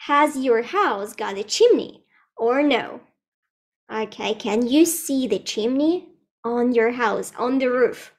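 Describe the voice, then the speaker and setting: In a live online lesson, a young woman teaches English to children, speaking slowly and repeating words for the learners. Her voice is a little high, with lively intonation.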